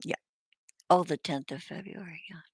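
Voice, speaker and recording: A woman hosting a live stream, chatting casually with viewers in a halting, hesitant way with many restarts. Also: fairly low pitch, slightly rough, dry recording. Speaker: livestream host.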